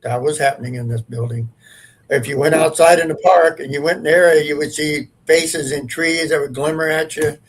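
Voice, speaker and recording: A man with a husky, slightly high voice tells a ghost story. He is a paranormal investigator and talks in an earnest, rambling, casual way. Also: steady tone, a little fast, rough recording.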